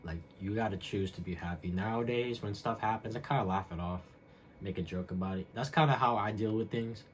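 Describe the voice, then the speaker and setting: A man's voice: lowish voice, fairly quick, slight background noise. A young man hosting a podcast, telling a story alone in a loose, rambling way with lots of fillers and slang. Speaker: podcast host. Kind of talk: casual solo storytelling monologue.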